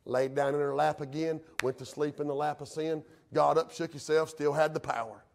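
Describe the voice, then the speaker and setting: High-voiced preacher man. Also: steady tone, normal speed, vocal fry, slight background noise. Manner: folksy, rises to fervent emphasis. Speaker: pastor. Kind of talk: sermon.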